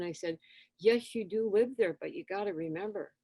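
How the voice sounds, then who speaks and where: A woman guest in an interview, telling stories in a lively conversational way and acting out exchanges with children. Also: medium pitch, fairly quick, breathy edge, no echo. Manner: animated, acts out dialogue with children. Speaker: interview guest, spiritual teacher. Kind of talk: conversational storytelling.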